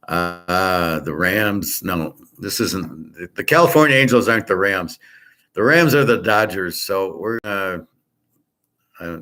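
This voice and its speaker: A man's voice: low voice, a bit bright. A man giving sports betting picks in a loose, rambling way, reading off stats with many fillers. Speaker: sports handicapper. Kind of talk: casual betting picks talk.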